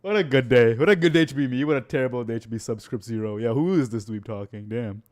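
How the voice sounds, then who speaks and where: A man's voice: medium pitch, fast talker. A man streaming casually, reacting to old clips of himself, exasperated and swearing. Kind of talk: casual livestream chat.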